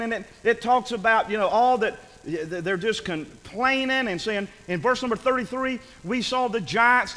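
Man preaching hard, swoops all over the place, loud repeats, long echo. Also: sits high. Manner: fervent, often shouting, repeats phrases for emphasis. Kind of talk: sermon.

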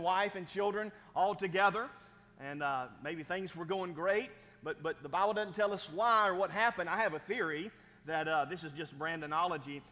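A man's voice: high-pitched, bright, forceful tone. A man preaching a sermon as pastor, conversational and folksy, with frequent "right?" asides and chuckles. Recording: long hall reverb.

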